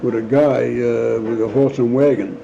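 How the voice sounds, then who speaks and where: Gravelly older New man telling stories. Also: medium pitch, normal speed. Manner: animated storyteller acting out voices, laughs often. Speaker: interviewee. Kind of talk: storytelling. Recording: dull lo-fi home recording with faint noise.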